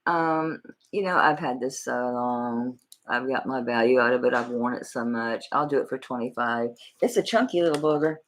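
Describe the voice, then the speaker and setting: She has a very deep voice and talks at a moderate pace. A middle-aged woman with a Southern accent, she runs jewelry auctions on a live stream, chatting folksily with viewers by name.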